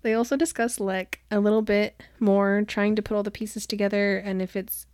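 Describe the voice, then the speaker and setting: A woman co-host walks through a story in loose, chatty talk, leaning on "like" and breaking into giggles. Her voice sits at an ordinary middle pitch. It sounds dry, with no room around it. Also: steady tone, normal speed, darkish tone, smooth, no room sound. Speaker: podcast co-host. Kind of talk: casual book-recap chat.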